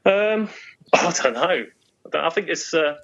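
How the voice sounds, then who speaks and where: A man's voice: fairly high pitch, expressive, normal speed, fairly bright tone, highs cut off. A man with a Portsmouth English accent, a podcast guest who talks casually and hesitantly, with many fillers and restarts. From England. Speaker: guest musician.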